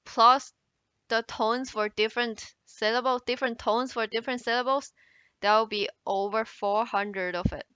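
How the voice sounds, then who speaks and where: A woman with a Mandarin Chinese accent teaching an introductory language lesson, explaining slowly and exaggerating tones in her examples. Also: on the high side, steady tone, sharp tone, clear, resonant tone, no room sound, muffled recording. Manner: slow, careful explanation, exaggerating tone contours in examples.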